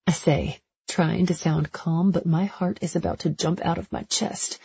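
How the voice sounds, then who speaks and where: A woman narrating a first-person romance audiobook in a breathy, intimate storytelling voice. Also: lowish voice, steady tone, measured pace, few pauses, mellow, dry recording, lo-fi sound.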